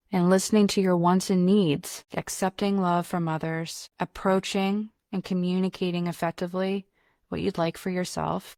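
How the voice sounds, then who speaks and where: A woman therapist hosting a podcast, leading a guided meditation with slow, gentle, reassuring repetition. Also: on the low side, no room sound, studio quality.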